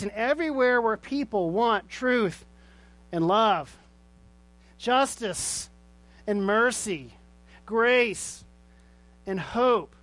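High-voiced man preaching earnestly. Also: fairly bright tone, no room sound. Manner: earnest preaching with rhetorical questions. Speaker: pastor. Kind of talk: sermon and closing prayer.

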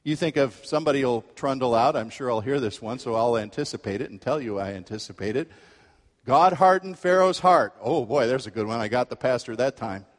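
A male pastor preaching a sermon, telling a story with lively acted-out quotes. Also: medium pitch, fast talker, hardly any pauses, in a large hall. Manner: animated storytelling, acts out quoted voices.

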